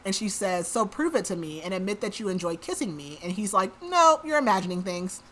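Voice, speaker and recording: Bright-voiced chatty woman podcaster. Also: medium pitch, big pitch swings, fairly quick, slight background noise. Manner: chatty, says "like" a lot. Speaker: podcast host. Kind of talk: casual book recap.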